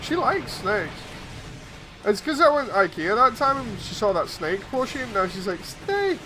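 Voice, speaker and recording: A man's voice: high voice, lively intonation, normal speed, background noise. A man streaming, telling amused anecdotes in casual chat and chuckling often.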